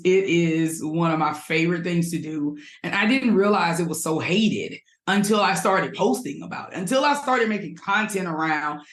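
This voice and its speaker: Enthusiastic woman guest in an echoey room. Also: on the low side. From Alabama, US. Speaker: guest, sales coach. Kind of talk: casual podcast interview.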